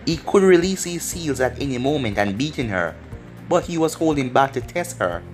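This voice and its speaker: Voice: mid-range voice, sing-song, moderate pace, faint music behind. A storyteller reading fan fiction aloud, stringing long run-on sentences together. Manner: run-on narration strung together with "as".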